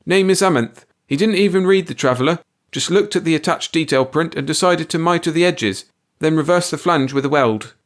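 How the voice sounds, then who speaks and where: A nervous factory planner explains himself in a raised, hurried voice, played by a male reader. He sounds defensive and a little shaken. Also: a little high, sing-song, a bit bright, pitched above the performer's own voice.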